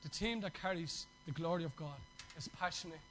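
A man's voice: fairly high pitch, huge pitch swings, fairly quick, fairly bright tone, slight background noise, low-quality recording. A man preaching a sermon to his church, passionate and exhorting, with chatty asides.

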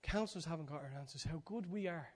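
A man delivering a sermon in a high voice. He urges his listeners loudly, then sinks to soft, intimate near-whispers. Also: quick pace, slightly rough. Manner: animated, swings from loud urging to hushed near-whisper. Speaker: preacher.

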